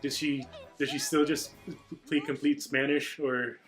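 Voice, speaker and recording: A man co-hosting a casual commentary on a cartoon, talking haltingly with many restarts. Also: fairly high pitch, level tone, faint music behind.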